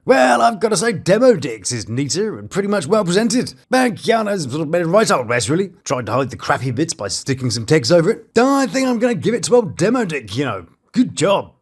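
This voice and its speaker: Husky, sarcastic man with a lively voice. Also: a little high. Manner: mocking, cheeky, quick asides. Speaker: reality TV reviewer. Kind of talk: sarcastic commentary over clips.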